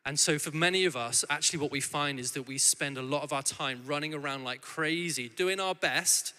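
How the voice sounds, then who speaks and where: A man's voice: on the high side, brisk, clean tone. A man in his thirties giving a sermon as a guest preacher, telling family stories in a loose, conversational way with many restarts. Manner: warm conversational storytelling with frequent restarts. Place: church hall. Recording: church hall with long reverb.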